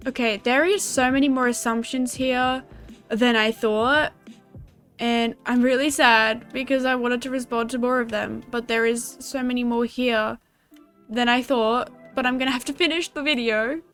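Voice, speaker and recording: A teenage girl with an Australian accent chatting casually to her viewers in a vlog, bubbly and quick to giggle. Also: on the high side, fairly even intonation, a bit bright, soft background music. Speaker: gaming YouTuber.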